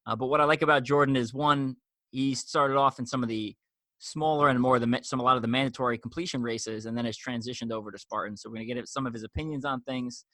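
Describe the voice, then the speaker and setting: A man hosting a podcast, introducing his guests in a relaxed, chatty way with frequent fillers. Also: medium pitch, fast, no room sound. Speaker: podcast host.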